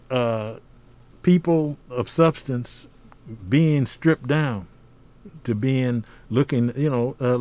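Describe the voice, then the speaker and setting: A man's voice: mid-range voice, warm tone. An older man from the United States giving a podcast interview, talking emphatically and preacherly, often adding "see?". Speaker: podcast guest. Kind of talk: conversational interview.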